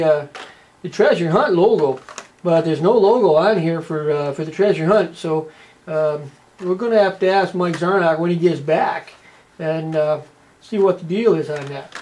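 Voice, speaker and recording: A man's voice: high voice, measured pace, darkish tone. A man with a Canadian accent giving casual, rambling unboxing commentary, tagging his lines with "eh" and plenty of "uh". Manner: folksy, rambling, tags lines with "eh". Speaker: toy unboxing presenter.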